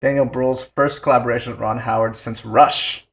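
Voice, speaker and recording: A man's voice: mid-range voice, steady tone, moderate pace, vocal fry. A young man co-hosting a film podcast, chatting loosely with lots of fillers and casual swearing. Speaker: podcast co-host.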